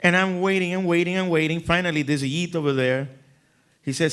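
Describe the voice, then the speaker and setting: A rabbi with a fairly high voice tells a lively personal story to a crowd. He is animated and slips into other people's voices as he goes, chuckling along the way. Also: a little fast, clear, resonant tone. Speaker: rabbi giving a talk. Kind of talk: humorous storytelling speech.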